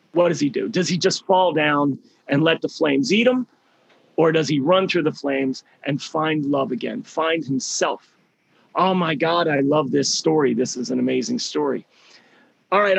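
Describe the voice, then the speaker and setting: A man talking as a podcast guest, telling a story with passion, animated and repeating phrases for emphasis. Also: a little high, gravelly, husky, dry recording, low-quality recording. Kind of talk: impassioned storytelling.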